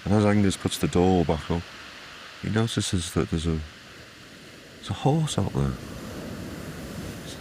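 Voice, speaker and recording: A man's voice: lowish voice, lively intonation, moderate pace, pauses often, a little mellow, a little hiss or hum. A man telling a folk tale in a leisurely, conversational way, repeating phrases and adding asides. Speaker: storyteller. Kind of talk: oral folk-tale storytelling.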